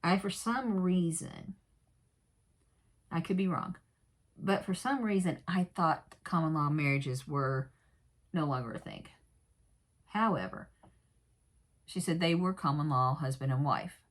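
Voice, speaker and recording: A woman with a low voice talks her viewers through a true crime episode in an easygoing way. She wanders off on asides and fillers and adds frank opinions as she goes. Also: expressive, measured pace, long pauses. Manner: rambling, many fillers and asides; candid, personal commentary. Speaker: true crime recap vlogger. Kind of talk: casual episode recap.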